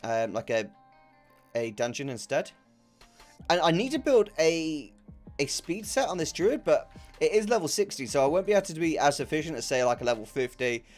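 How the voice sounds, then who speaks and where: Guy streaming games, casual and chatty, laughs a lot, kinda high voice. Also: sing-song, normal speed, faint music behind. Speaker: live-streaming gamer.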